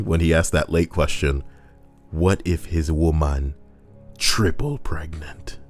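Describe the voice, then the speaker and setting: A man's voice: deep voice, a little mellow. A man reading out Reddit posts and riffing on them in casual, sarcastic, crude commentary that wanders into rambling asides.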